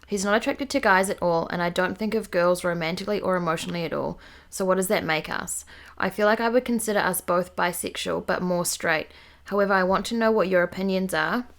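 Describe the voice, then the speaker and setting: Young woman, New Zealand accent, low gravelly voice, relaxed chatty podcast co-host reading questions. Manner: relaxed, chatty, reads listener questions aloud. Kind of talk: casual chat.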